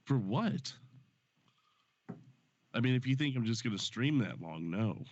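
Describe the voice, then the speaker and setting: A man hosts a live stream show, chatting loosely and profanely with friends, commenting on a game and reading donations aloud. His medium-pitched voice has lively intonation and a measured pace, but sounds stuffy and strained from a sore throat. The lo-fi stream audio is dry and dull, with no room sound.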